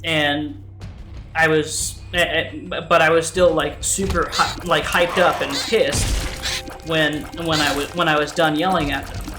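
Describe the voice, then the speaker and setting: A man's voice: a little high, fairly even intonation, slow pace. A young man casually telling a story over gameplay, rambling and swearing with many restarts and fillers. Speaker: let's play host. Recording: roomy sound with game music behind. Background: game music.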